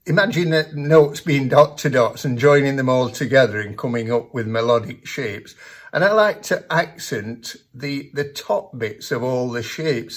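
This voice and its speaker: A man giving a piano lesson, explaining technique in a measured, patient way. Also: mid-range voice. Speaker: piano teacher. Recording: piano playing heard in the background.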